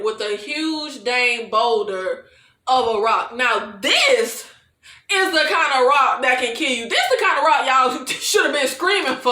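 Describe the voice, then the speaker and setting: A woman's voice: high-pitched, roomy sound. A woman giving a casual, exasperated recap of a TV episode, talking straight to her viewers. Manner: animated, exasperated and incredulous, addresses viewers as y'all. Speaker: show recapper.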